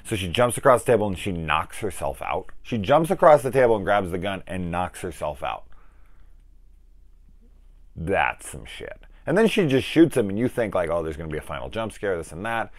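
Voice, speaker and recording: A man's voice: low-pitched, sing-song, moderate pace, no echo, clean studio sound. A man hosting a film review channel, talking casually in a rambling, profane way and acting out scenes as he retells them.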